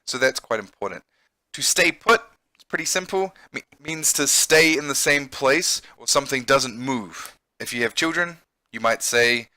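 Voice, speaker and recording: Bright-voiced man teaching vocabulary. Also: medium pitch, expressive, normal speed, no echo. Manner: patient explaining, checks in with frequent "okay?". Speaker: English teacher. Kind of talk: vocabulary lesson.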